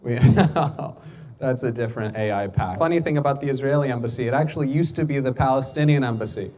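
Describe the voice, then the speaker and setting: A young man doing stand-up crowd work outdoors on a city street through a portable speaker, firing off quick political one-liners and teasing people passing by. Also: mid-range voice, darkish tone. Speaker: stand-up comedian. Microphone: amplified through a portable speaker.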